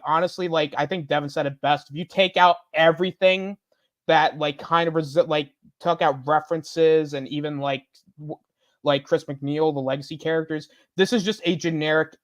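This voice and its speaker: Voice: medium pitch, no echo. An adult film reviewer on a live online panel, ranting in heavily profane language over a video call. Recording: dull, dry lo-fi call audio.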